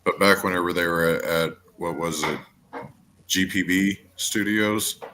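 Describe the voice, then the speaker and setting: A man's voice: low voice, steady tone, measured pace, sharp tone, slight background noise. A man co-hosting a wrestling podcast, chatting casually, stammering and swearing as he rambles. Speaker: podcast co-host.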